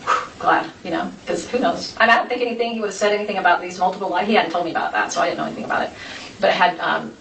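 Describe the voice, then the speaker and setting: A woman's voice: on the low side, very fast, creaky, fairly bright tone. A woman telling her personal story in an interview, rambling, with many restarts and quoted conversations. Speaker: interview guest. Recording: echoey room, from a distance, faint noise.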